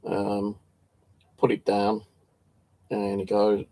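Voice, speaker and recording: A channel host tells a story in a casual, rambling way, swearing often and stumbling and restarting his words. His voice is fairly low, dark, and monotone, and he speaks very slowly.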